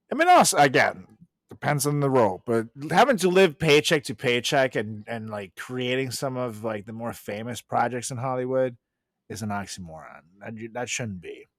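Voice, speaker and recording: A man's voice: medium pitch, a bit bright, dry recording, studio quality. Laid-back swearing male podcast co-host. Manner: laughing, swearing, rambling. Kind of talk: casual chat.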